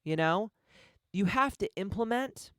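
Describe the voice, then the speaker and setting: A deep-voiced woman delivers a motivational podcast rant, blunt and heavily profane. She hammers points home with repeated rhetorical questions, at a middling pitch in a dry, close room. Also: animated, unhurried, fairly bright tone, dry recording. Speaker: podcast host.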